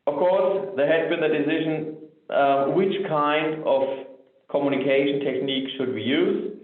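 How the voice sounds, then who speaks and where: A man delivers a technical webinar presentation at an ordinary mid pitch, pacing his points with "so" and "um". His voice comes through a thin, telephone-like line. A roomy echo hangs around every word. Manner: measured, frequent "so" and "um" fillers. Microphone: remote webinar audio.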